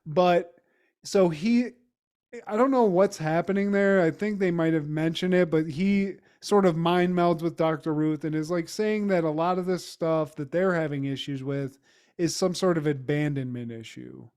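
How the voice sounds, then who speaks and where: A man co-hosts a casual podcast and recaps a TV episode. His voice sits a little high. He talks in a loose, rambling way, full of fillers and swearing. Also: moderate pace, a little mellow, clear, resonant tone. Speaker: podcast co-host.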